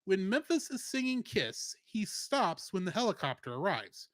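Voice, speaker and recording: A man's voice: sits high, sing-song, normal speed, a bit bright, dry recording. A man co-hosting a podcast, reading a plot summary and film trivia with playful asides. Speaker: podcast co-host.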